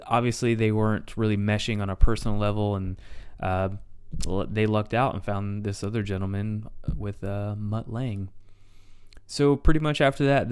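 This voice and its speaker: A man's voice: fairly low pitch, smooth, dry recording, studio quality. Casual man narrating a music history podcast. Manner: loose and conversational, reads quotes aloud. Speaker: podcast host.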